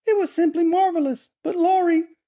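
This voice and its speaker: A man voicing an upset young girl in a read-aloud story, in a high, shaky voice. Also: fairly even intonation, normal speed, dark tone. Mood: tearful.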